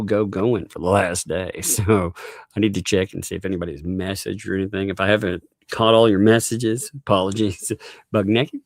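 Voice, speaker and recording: A man's voice: low voice, gravelly, no room sound, clean studio sound. A middle-aged man, casually chatting on a live stream and thanking donors, chuckling often as he rambles. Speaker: livestream host reading viewer donations.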